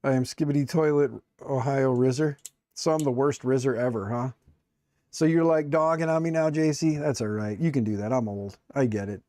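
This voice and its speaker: Man, middle-aged, casual stream chatter, mellow tone, muttering while working, dry recording. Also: medium pitch, moderate pace, no echo. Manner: joking, self-mocking, rambling; muttering to himself while tinkering. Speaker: streamer building a 3D printer.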